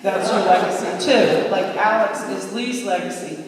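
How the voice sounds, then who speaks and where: A woman's voice: medium pitch, normal speed, crowd noise. Middle-aged woman, chatty and emotional eulogy, heard from the back of a big echoing hall. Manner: emotional, conversational, laughing through tears. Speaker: eulogy speaker. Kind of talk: heartfelt memorial tribute. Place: large opera house hall. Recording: echoey hall from far off.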